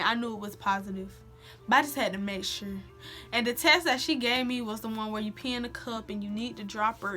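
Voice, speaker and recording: Young woman, casual storytime vlog, bright voice, slangy, animated, faint music behind. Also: on the high side. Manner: animated, slangy, acts out quotes. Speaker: vlogger.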